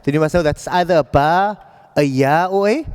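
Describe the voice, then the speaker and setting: Teacher, male, patient, keeps checking the class follows; high-pitched, room echo. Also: moderate pace, darkish tone, smooth. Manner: patient, checks in with students often. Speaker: Arabic reading teacher. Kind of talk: classroom lesson.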